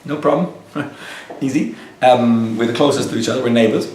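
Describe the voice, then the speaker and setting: A man who is a rabbi tells a story to a live audience in a lively way and acts out the dialogue. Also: medium pitch, normal speed. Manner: animated storyteller acting out quoted dialogue. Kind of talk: storytelling lecture. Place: lecture room with a live audience. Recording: echoey room, picked up from a distance.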